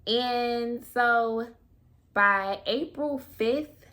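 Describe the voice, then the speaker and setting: A young woman vlogging as a new mom, telling her birth story to camera in a chatty, expressive way with casual slang. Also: fairly high pitch, very slow.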